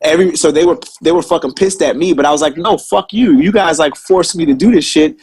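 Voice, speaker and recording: A man's voice: a little high, fairly quick, darkish tone, husky, poor audio. A man telling old service stories in casual, profane chat, swearing constantly and sounding indignant. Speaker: Marine veteran telling stories.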